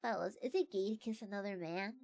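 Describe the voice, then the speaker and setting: A woman's voice: brisk, no room sound, studio quality, natural voice. Smug young bro dude, as a woman puts him on. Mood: mock-serious. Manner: lowered, hushed mock-serious delivery. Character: smug young male bro, mock-serious.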